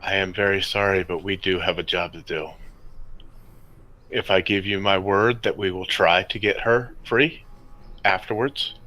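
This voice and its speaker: A man's voice: sits low, steady tone, unhurried, bright, forceful tone, poor audio. A man playing in a tabletop game, speaking politely and earnestly in character. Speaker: player.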